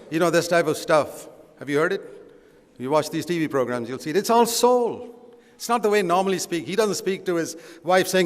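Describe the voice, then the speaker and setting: A man's voice: fairly high pitch, expressive, normal speed. An older man preaching a sermon in an earnest, conversational way with emphatic stresses. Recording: long hall reverb.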